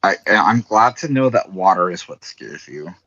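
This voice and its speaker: Low-voiced rambling man on a stream call. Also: lively intonation, normal speed, creaky, fairly bright tone, no room sound, dull audio. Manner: rambling, full of "like", teasing. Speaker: co-host on a stream. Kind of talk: casual group chat over voice call.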